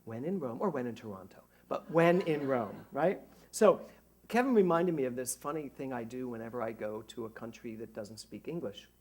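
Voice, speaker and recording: A middle-aged man, a minister, giving a conversational sermon to a congregation, animated and joking at his own expense. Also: medium pitch, normal speed. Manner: animated, jokey, self-mocking. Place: church service before a congregation.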